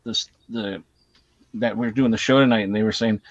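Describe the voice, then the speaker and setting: Hosting a casual movie chat, a man animatedly retells scenes and swears casually. His lowish voice is brisk with fairly even intonation, and the recording sounds dull, dry and lo-fi.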